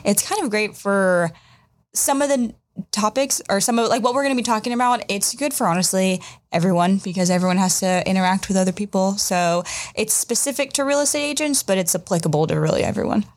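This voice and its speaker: A woman co-hosting a podcast who talks candidly and emotionally in a casual chat. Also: mid-range voice. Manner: candid, emotional, quick to laugh. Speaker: podcast co-host.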